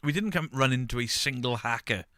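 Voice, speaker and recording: A man's voice: medium pitch, a little fast, dry recording, studio quality. A man, streaming and bantering casually with his chat. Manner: banter, reads chat aloud, shouts mock pub-landlord bits.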